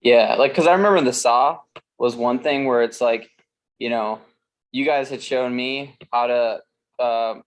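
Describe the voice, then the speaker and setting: Speaking at a measured pace, a man co-hosting a podcast chats casually in a typical mid-range voice. His anecdotes ramble loosely and profanely, with plenty of fillers and restarts along the way.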